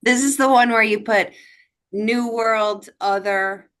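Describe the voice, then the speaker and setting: A woman's voice: a little high, slow, a bit bright. A woman at a whiskey club tasting, chatting casually, reading out recipe notes and describing the flavours.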